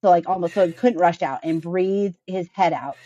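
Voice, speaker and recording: Donna chiacchierona sulla trentina. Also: female voice, on the low side, moderate pace, warm tone, highs cut off. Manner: chatty, earnest, frequent "like" fillers. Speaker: podcast guest. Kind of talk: casual personal storytelling.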